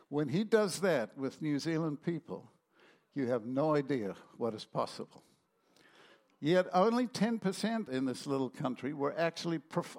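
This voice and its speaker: Gravelly animated male preacher. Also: on the high side. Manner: animated storytelling, acting out voices. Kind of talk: sermon.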